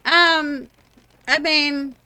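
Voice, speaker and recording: A woman's voice: high-pitched, fairly even intonation, drawn-out words, bright, forceful tone. A woman streaming a game, chatting casually and rambling with many fillers and restarts. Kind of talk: casual gameplay chat.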